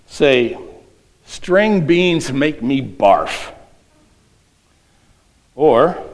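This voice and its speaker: A man's voice: on the high side, poor audio. A middle-aged man preaching a sermon, reading a children's quiz aloud with playful voices. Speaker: pastor.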